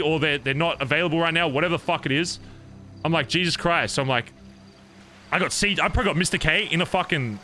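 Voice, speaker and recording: Bright, forceful young man recounting in character. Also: on the high side, a little hiss or hum. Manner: animated, profane, rambling recounting. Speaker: roleplay streamer. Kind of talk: in-character storytelling to other players.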